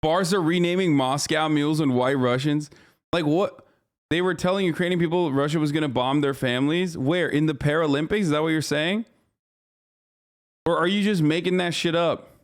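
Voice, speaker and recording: A man's voice: a little high, normal speed. A man livestreaming casual commentary, ranting in an exasperated, profane way and rambling with frequent restarts. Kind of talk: casual live-stream commentary.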